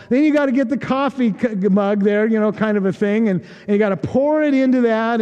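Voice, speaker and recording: A male pastor from the United States gives a relaxed, joking sermon in a church sanctuary, acting out quoted voices. He has a high, darkish voice, the audio's highs are cut off, and the long reverb of the church hall fills the recording.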